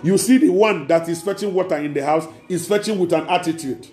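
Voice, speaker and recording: A man's voice: sits high, a little fast, a little mellow. A man preaching a sermon as pastor, emphatic and repeating key words. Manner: emphatic preaching with acted quotes. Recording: echoey room with faint music.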